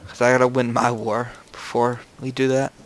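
A man's voice: mid-range voice, flat delivery, moderate pace. Easygoing young man co-player. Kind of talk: casual gaming chat.

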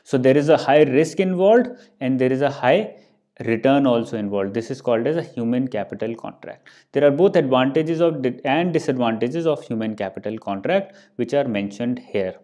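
This young man speaks with an Indian English accent in a medium-pitched, dark-toned voice, expressive and at a moderate pace. Lecturing on exam finance terminology, he works through examples and frequently uses "let's say" and "okay."

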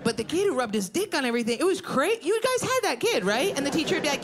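A woman doing a stand-up comedy set, telling crude stories in a brash, animated way on a club stage. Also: high voice, quick pace, hardly any pauses. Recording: noisy live club recording with crowd. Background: audience laughter.

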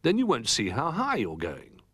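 A man voicing a small, eager young male teddy bear who shouts in a storybook reading. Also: mid-range voice, huge pitch swings, normal speed, slightly rough, no echo, studio quality, exaggerated voice. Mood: excited.

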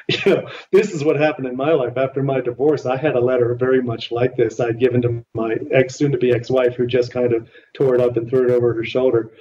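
A man's voice: mid-range voice, little pitch movement, brisk, darkish tone. Earnest man coaching, distant muffled line. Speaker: relationship coach. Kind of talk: podcast interview.

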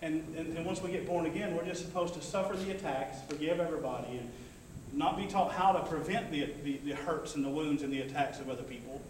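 High-voiced preacher in an echoey church. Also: male voice, fairly even intonation, fast talker, distant mic, slight background noise. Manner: conversational preaching with call-and-response asides. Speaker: pastor. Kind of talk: sermon. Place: church sanctuary. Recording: echoey church hall, mic from afar.

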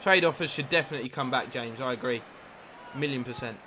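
A man live-streaming a football video game, commentating his own play, reacting loudly to chances and thanking new followers. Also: medium pitch, fast talker, background noise. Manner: excitable, swears at the game, reads out followers. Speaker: gaming streamer. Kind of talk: live gameplay commentary with chat.

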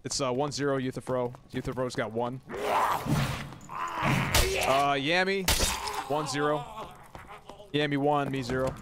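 A man's voice: medium pitch, steady tone, measured pace, long pauses, heavy background noise. A man streaming a game, chatting casually, ranting and swearing at chat. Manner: swears and rants, talks to chat. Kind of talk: casual gaming commentary. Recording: game music loud behind.

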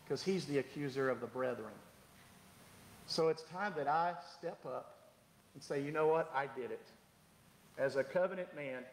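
Animated male pastor preaching in an echoey hall. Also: sits high. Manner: animated, humorous, acts out quoted voices. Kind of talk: sermon. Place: church sanctuary.

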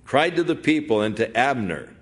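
Folksy preacher with a lively voice. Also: male voice, medium pitch, normal speed, husky. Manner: conversational, folksy asides. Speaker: pastor. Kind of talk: expository sermon.

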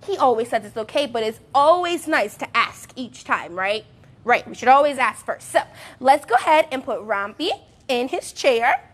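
A young woman teaching a sing-song music and movement class for toddlers, bubbly and encouraging, with excited gasps. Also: high-pitched, normal speed.

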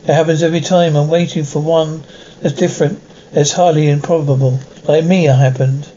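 A man gives voice to a troubled young mutant in an old radio drama, brooding and halting as he asks questions. The voice sits a little high with a soft, mellow tone. The archive recording sounds dull and muffled. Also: steady tone, lightly acted.

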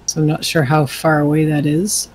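A player in a tabletop game, talking slowly and hesitantly with many ums. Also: medium pitch, flat delivery, rough recording.

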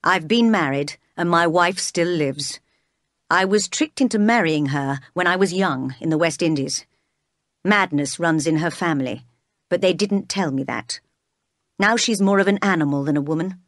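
A woman reads as a brooding storybook gentleman, commanding and growling. The dry, close sound has no room around it. The voice sits a little low. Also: normal speed, no echo, lightly acted. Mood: bitter. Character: stern, brooding gentleman, middle-aged man.

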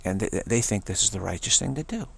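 A man's voice: fairly low pitch, lively intonation, quick pace, creaky, fairly bright tone, breathy edge. A man giving a solo spoken commentary, rambling earnestly and often repeating and restarting his phrases. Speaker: channel host.

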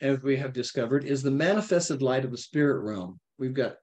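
Male Bible teacher, conversational and lively, mid-range voice, keeps checking in with listeners. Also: medium pitch, a little fast. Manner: conversational, checks in with frequent "okay?". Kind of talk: informal Bible study teaching.

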